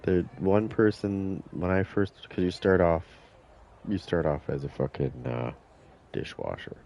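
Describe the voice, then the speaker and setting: Low mellow-voiced dude cussing nonstop, bragging thru stories, kinda muffled lo-fi stream audio. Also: male voice, measured pace, creaky, slight background noise. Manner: swears a lot, boastful, acts out quotes. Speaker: gaming streamer. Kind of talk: casual profane storytelling while gaming.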